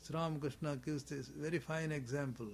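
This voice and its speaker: A man's voice: on the high side, steady tone, fairly quick, gravelly, breathy edge. A man giving a spiritual talk on scripture, chanting in Sanskrit and explaining with repetition and rhetorical questions in slightly imperfect English. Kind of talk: sermon on scripture.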